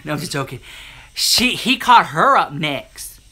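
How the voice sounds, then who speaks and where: A man chatting to a live-stream audience, telling a story in an animated, sassy way and acting out the other people in it. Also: fairly high pitch, a little slow, slightly rough. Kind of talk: casual storytelling to a live chat.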